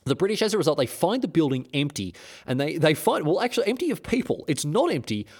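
A man's voice: a little high, very animated, quick pace, darkish tone. A man, hosting a history podcast in an irreverent, joking way with frequent restarts. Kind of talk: casual history storytelling.

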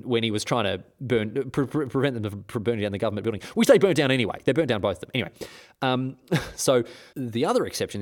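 Male history podcast host, irreverent, jokey, mid pitch. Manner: irreverent, joking, many restarts and chuckles. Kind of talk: casual history storytelling.

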